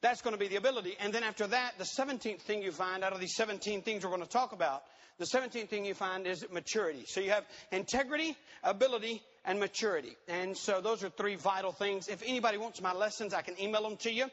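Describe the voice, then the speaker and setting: A man's voice: high voice, fast, a bit bright. A man preaching a sermon at a conference, reading scripture aloud and repeating key words for emphasis. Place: church conference hall. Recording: dull recording in a reverberant hall.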